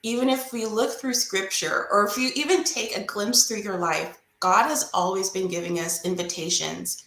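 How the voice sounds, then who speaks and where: Woman guest, earnest storyteller, medium pitch, roomy echo around her voice. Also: normal speed, gravelly, a bit bright. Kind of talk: faith testimony and teaching.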